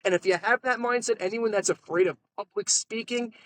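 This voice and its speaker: Animated New salesman telling stories. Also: sits high, low-quality recording. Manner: animated salesman storytelling, quick asides. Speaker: podcast guest. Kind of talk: casual storytelling interview. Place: podcast studio.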